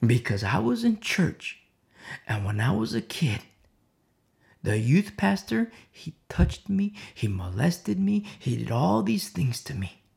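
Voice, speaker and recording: A preacher voicing a huge, angry man weeping over his childhood abuse, halting and hushed, then bursting out. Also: mid-range voice, big pitch swings, gravelly, heavily acted. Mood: anguished.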